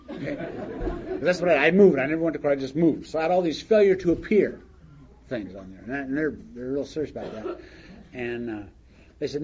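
A man telling his story to an audience in a wry, animated way, laughing along as he goes. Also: a little high, fairly quick, pauses often, muffled recording, slight background noise. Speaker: speaker sharing his recovery story.

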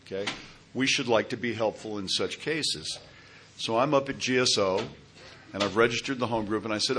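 A man's voice: fairly low pitch, steady tone, brisk, fairly bright tone, a little hiss or hum. A man speaking at a recovery meeting, telling a personal story in a conversational way and acting out the dialogue. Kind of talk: personal testimony talk.

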